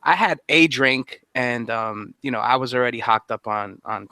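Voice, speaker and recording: A man in casual chat with friends, telling a travel story with laughter and loud acted-out quotes. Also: mid-range voice, moderate pace, clean tone, no room sound. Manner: laughing storyteller, acts out voices loudly. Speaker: podcast co-host.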